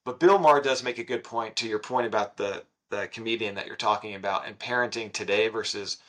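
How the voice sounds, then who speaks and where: A man's voice: fairly low pitch, a little fast, fairly bright tone. A man co-hosting a podcast in easygoing casual chat, talking in loose run-on thoughts. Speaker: podcast co-host.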